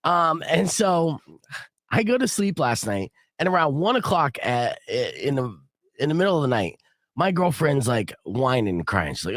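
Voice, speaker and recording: A man's voice: fairly high pitch, normal speed, no room sound, studio quality. A man hosting a casual morning radio show, telling a story and acting out the people in it. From Arizona. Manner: animated storyteller, acts out quotes loudly. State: sick with a cold.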